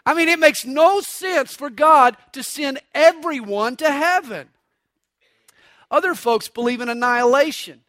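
A man's voice: very high voice, measured pace, sharp tone, dry recording. A man preaching a sermon, mixing stories and jokes with acted voices for quotes. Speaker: pastor.

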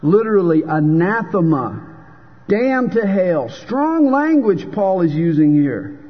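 Pastor guy preaching hard, kinda high husky voice, long echo in a big hall. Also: big pitch swings. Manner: emphatic preaching with dramatic pauses and told jokes. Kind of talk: sermon. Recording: dull sound with long hall reverb.

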